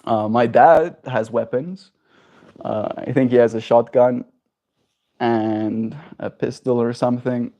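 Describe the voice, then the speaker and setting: A man's voice: medium pitch, takes it slowly, muffled recording. A young man from South Africa with a self-shaped neutral accent, live streaming and chatting casually with viewers, peppering his talk with "like" and "right?". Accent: self-shaped neutral, slightly American-leaning. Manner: chatty, animated, frequent "like" and "right?" tags. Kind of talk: casual chat reading viewer comments.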